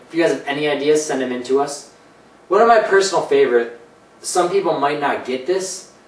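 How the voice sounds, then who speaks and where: Joking male host in an echoey room. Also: medium pitch. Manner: rambling, jokey, slips into put-on voices. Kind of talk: casual comedy banter. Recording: echoey room, mic at a distance, faint ambience.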